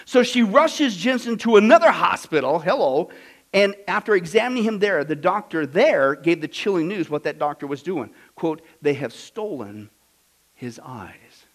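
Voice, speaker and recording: A man preaching a sermon, fiery and emphatic, swinging from loud declarations to hushed storytelling. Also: high voice, lively intonation, normal speed, low-quality recording.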